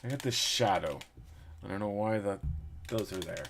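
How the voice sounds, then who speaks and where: A man's voice: on the low side, moderate pace, vocal fry, a little hiss or hum. A man casually chatting to his livestream viewers while painting a model, rambling with lots of fillers. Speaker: streamer painting a 3D print.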